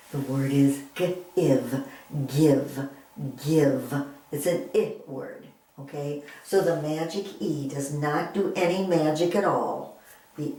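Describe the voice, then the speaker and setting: A woman's voice: low-pitched, warm tone, slight background noise. A middle-aged woman teaching young children to read in a patient, encouraging phonics lesson, repeating words and checking in with "all right?". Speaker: reading teacher. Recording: very echoey room, mic at a distance.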